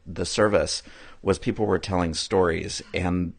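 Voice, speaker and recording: A man co-hosting a podcast, speaking quietly and hesitantly in casual conversation. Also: deep voice, fairly even intonation, measured pace, creaky.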